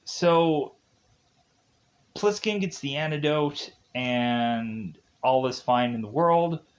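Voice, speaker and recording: A man walks through a film's plot in an unhurried, rambling recap. His delivery is loose and casual, with frequent "like" fillers. His pitch sits in an average range. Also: lively intonation, muffled recording. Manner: rambling, heavy use of "like". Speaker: film reviewer.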